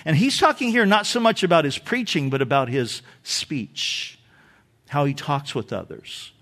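A man's voice: a little high, very animated, unhurried, a bit bright. An older man, a pastor, giving a sermon with a candid, self-deprecating story told with frequent restarts.

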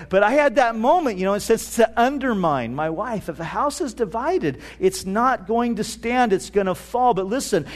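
High-voiced man preaching a sermon. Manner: storytelling with many restarts and fillers; slows down to stress key phrases. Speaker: pastor.

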